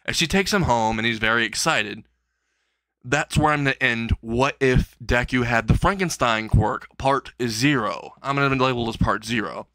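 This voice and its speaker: Bright-voiced rambling male storyteller. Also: medium pitch, moderate pace, no room sound. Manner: rambling, chuckling between lines. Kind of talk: improvised comedic fan story narration.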